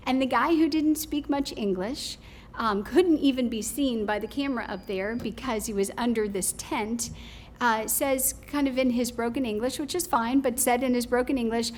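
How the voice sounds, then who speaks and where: A woman giving public comment at a county meeting, telling a story in a rambling, animated way with many fillers. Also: high-pitched, normal speed, a little hiss or hum.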